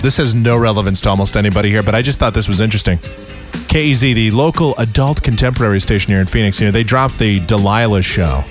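A man's voice: lowish voice, quick pace, over music. A man hosting a comedic talk radio show, ranting sarcastically. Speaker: radio host.

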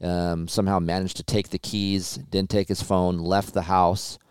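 A man with a low, smooth voice tells a story in an easygoing, profane way. The sound is close and dry, with no room around it. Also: little pitch movement, normal speed, no echo. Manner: laid-back storytelling with frequent swearing. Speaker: podcast host. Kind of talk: casual chat.

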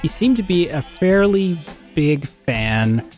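A man's voice: a little high, big pitch swings, slow, darkish tone, soft background music. A man hosting a podcast, asking rambling, easygoing questions in casual chat. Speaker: podcast host.

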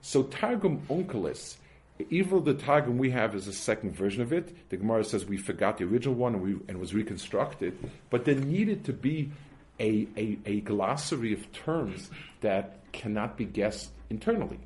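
In a religious text class, a man teaching Torah breaks things down gradually with everyday worked examples, pausing and restarting his sentences often. He speaks on the low side, expressively, with a slightly mellow tone.

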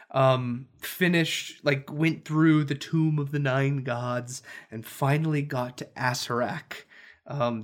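A man who co-hosts a podcast and runs tabletop games, telling a story in a rambling casual way with many restarts. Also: mid-range voice. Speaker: podcast co-host and dungeon master.

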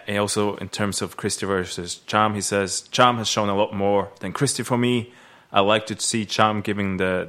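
A man's voice: lowish voice, fairly bright tone. A man from Norway on a podcast panel, dry and self-deprecating, with hesitant restarts. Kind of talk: casual chat.

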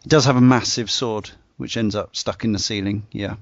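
A man's voice: fairly low pitch, steady tone, moderate pace, creaky, dry recording. A man hosting a casual discussion, rambling with many fillers and restarts. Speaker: podcast host. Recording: dull dry lo-fi sound.

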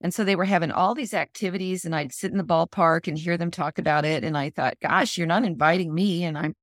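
A woman's voice: fairly low pitch, fast, dry recording, clean studio sound. A middle-aged woman telling a personal story as a guest author in an interview, acting out the lines of the people in it. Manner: animated storyteller acting out quoted lines, laughs.

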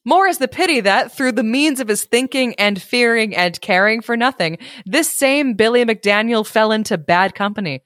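A woman's voice: a little high, lively intonation, normal speed, few pauses, a bit bright, no echo, studio quality. A woman co-hosting a podcast who reads an old folk tale aloud, giggling and breaking off for asides. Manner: giggly, adds asides while she reads. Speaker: podcast co-host reading folk tales. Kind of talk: casual chat and reading aloud.

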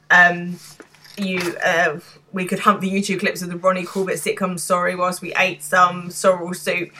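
A woman's voice: on the low side, level tone, normal speed, bright, forceful tone. A woman co-hosting a podcast, chatting casually about a TV episode and acting out lines from its scenes. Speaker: podcast co-host. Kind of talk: casual chat recapping a TV episode.

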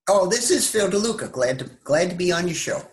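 A man, a psychotherapist and interview guest, explaining his approach and pausing often to find his words. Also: sits high, expressive. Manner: explanatory, pauses to search for words. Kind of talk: interview answers.

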